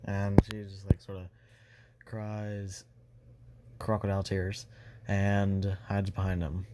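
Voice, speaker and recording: A young man casually retelling a fan-made story, rambling and restarting with constant fillers. His voice sits low in pitch. A faint background noise runs under him. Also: monotone, slow, warm tone.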